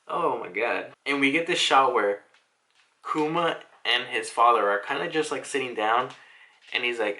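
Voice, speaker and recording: A man's voice: mid-range voice, animated, moderate pace, bright, forceful tone. A young man casually recapping a manga chapter, chatty and full of "like" fillers, acting out the characters' lines and swearing now and then. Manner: chatty, lots of "like" fillers, acts out quotes.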